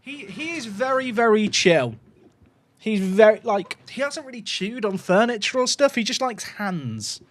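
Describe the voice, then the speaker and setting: A man hosting a casual livestream, sleep-deprived, cooing softly at a puppy and chatting upbeat with viewers. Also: high voice, sing-song, unhurried. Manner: coos softly at a puppy, then chats upbeat with his viewers. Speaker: livestream host.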